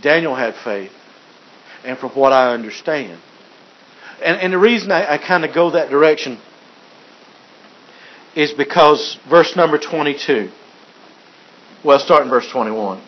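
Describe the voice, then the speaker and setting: A man's voice: fairly high pitch, a little slow, pauses often. A man preaching a sermon as pastor, joking and chuckling, with frequent restarts. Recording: dull lo-fi recording.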